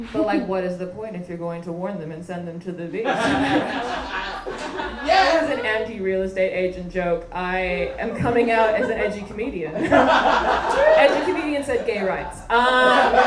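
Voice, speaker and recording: A young woman performing a stand-up comedy set, telling stories in a sardonic, animated way and mocking people with quick impressions. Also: medium pitch. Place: comedy stage with live audience. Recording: echoey room with background noise.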